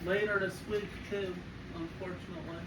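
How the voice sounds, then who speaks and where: A man's voice: high voice, level tone, a little fast, roomy sound. Laid-back man, distant in a noisy room. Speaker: family member. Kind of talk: casual family chat. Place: at home.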